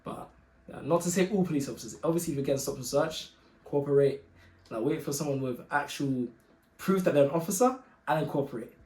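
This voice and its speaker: Animated young man in an echoey room. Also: a little high. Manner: animated, slangy, exasperated, quick to laugh. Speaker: vlogger telling a personal story. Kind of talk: casual storytime.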